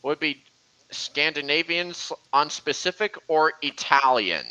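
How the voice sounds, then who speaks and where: A young man hosting a casual voice-chat stream, talking slowly and rambling with frequent restarts. His voice is bright and slightly tense, a little high for a man. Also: expressive, clear, resonant tone, rough recording. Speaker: stream host.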